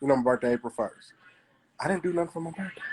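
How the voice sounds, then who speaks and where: A man's voice: on the high side, darkish tone, a little hiss or hum. A man from Kansas City, a comedian telling stories in casual chat on a live stream. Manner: storytelling, does quick voices of others.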